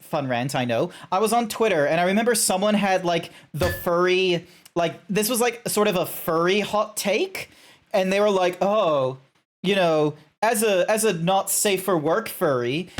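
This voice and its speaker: Rambling, swearing male streamer. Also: high voice. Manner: rambling, swears, many fillers. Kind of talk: casual live-stream rant.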